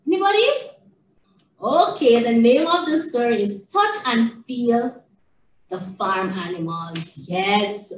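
Woman, childcare teacher, high voice, slow sing-song praise, distant mic, echoey room. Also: lively intonation, a little hiss or hum. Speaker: early childhood educator. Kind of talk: reading a picture book to a young child.

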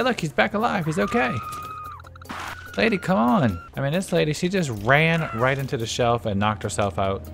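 A man's voice: a little high, creaky. A man commentating a video game, talking animatedly to his viewers and laughing often. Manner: animated, talks to viewers, frequent laughing exclamations. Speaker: gameplay commentator. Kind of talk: let's play commentary. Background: game music.

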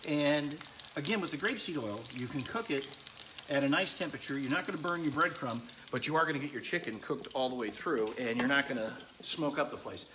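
A middle-aged man with a medium-pitched, slightly quick voice hosts a casual live cooking demo from his home kitchen, frying chicken while chatting with viewers and greeting them by name. The echoey kitchen recording carries a faint sizzle from the frying pan.

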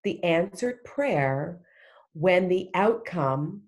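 A middle-aged woman with a low voice talks earnestly as a podcast guest. Her speech is heartfelt and emphatic, with frequent restarts. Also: expressive, very slow, darkish tone. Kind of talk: casual faith conversation.

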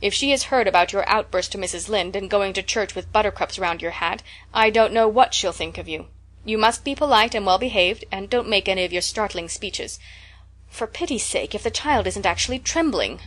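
A woman doing a stern, brisk spinster. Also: medium pitch, fairly bright tone, close to an everyday voice. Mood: scolding. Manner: brisk, scolding. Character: stern, practical middle-aged spinster.

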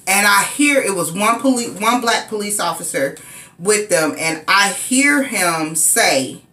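A woman recounts a frightening personal story in a slow, unhurried way, her bright voice carrying in a reverberant room. She now and then acts out frantic, high-pitched cries as she relives the scene. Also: lively intonation. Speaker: vlogger. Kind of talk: casual storytelling. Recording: echoey room.

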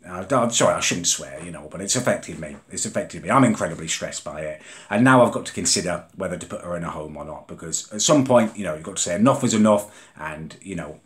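A young Englishman venting in a vlog, exasperated and indignant as he rants about his mother. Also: sits low. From England. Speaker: vlogger. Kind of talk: comedic rant vlog.

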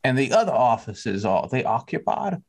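A man's voice: medium pitch, very animated, normal speed, gravelly. A man playing a tabletop role-playing game, talking casually with the game master. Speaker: player.

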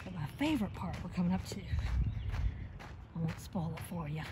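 A woman's voice: on the low side, lively intonation, normal speed. Breathless woman vlogging on a walking trail. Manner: chatty, reminiscing, trailing off. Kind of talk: casual walking vlog narration. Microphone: handheld phone. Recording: noisy outdoor phone audio. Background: running water, birds, passing vehicles.

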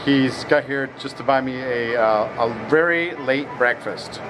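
A man's voice: medium pitch, a little slow, background noise. A man making a casual travel vlog about his life as an artist, chatty and self-mocking, laughing often. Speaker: vlogging artist.

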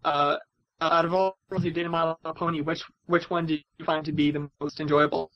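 A man's voice: a little high, little pitch movement, fairly quick, dull audio. A man co-hosting a casual talk show, reading out listener questions eagerly with some stammering.

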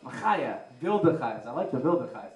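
A man doing live stand-up comedy, rambling and excitable, with lots of "like". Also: mid-range voice, a little fast, highs cut off. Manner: rambling, excitable, heavy use of "like". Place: live comedy venue with an audience. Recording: roomy echoey live room.

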